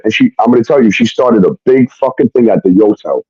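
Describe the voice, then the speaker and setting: A man's voice: medium pitch, lively intonation, fast, a little mellow, husky, dry recording. A man telling a personal story in a casual, rambling way, blunt and full of fillers and swearing. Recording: muffled dry recording.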